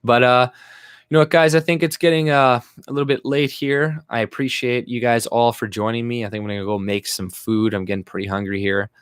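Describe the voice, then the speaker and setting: A man's voice: mid-range voice, fairly even intonation, fairly quick, clean tone, no echo, studio quality. A man hosting a casual livestream rant, talking bluntly, swearing and laughing often. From Canada. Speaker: livestream host.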